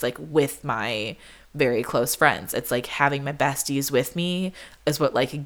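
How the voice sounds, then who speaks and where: A young woman hosting a podcast, talking casually and chattily with lots of "like", acting out what people said. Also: very deep voice. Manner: chatty, peppered with "like", acts out quotes. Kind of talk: casual chat.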